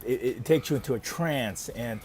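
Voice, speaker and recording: A man hosts a podcast conversation, emphatic and animated as he makes his points, often chiming in with quick agreement. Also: mid-range voice. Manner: animated, emphatic, frequent affirmations. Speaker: podcast host.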